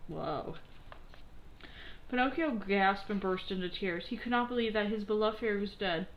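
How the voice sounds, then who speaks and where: A woman's voice: medium pitch, normal speed, dull audio, a little hiss or hum. Woman reading a children's story aloud. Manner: gentle, expressive, occasional slips.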